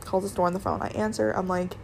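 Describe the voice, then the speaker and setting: A woman's voice: on the low side, flat delivery, fast, a little mellow, a little hiss or hum. A young woman chatting casually through a storytime vlog about her retail job, rambling with lots of "like" and restarts. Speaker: retail worker telling work stories.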